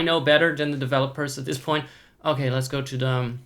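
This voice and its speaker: A man's voice: mid-range voice, steady tone, quick pace, sharp tone. Playful, goofy man commentating a game. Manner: playful and goofy, riffs on words and puts on silly voices. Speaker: let's play streamer. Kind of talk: casual gameplay commentary.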